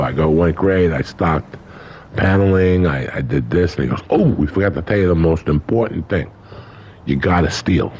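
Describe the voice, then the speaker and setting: A man's voice: sits low, normal speed, a little mellow, soft background music, low-quality recording. An older man telling stories in a casual interview, colorful and profane, acting out other people's lines. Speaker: guest. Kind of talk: casual storytelling.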